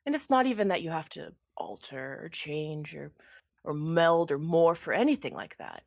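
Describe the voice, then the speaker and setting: A woman's voice: low-pitched, very animated, normal speed, creaky, darkish tone, no room sound, studio quality, exaggerated voice. A woman voicing a smug, condescending male villain king who taunts with silky, gleeful menace. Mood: taunting.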